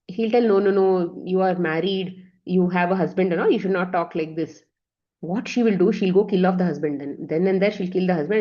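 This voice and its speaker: Woman, devotional class storyteller, lowish voice, dull lo-fi sound, lots of fillers. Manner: animated, acts out characters' voices in quotes; many fillers and self-corrections. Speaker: spiritual class teacher. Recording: dull lo-fi audio.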